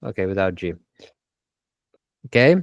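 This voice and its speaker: A man's voice: low-pitched, animated, measured pace, dry recording. A man teaching English one-on-one, repeating words and patiently correcting pronunciation. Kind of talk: one-on-one vocabulary lesson.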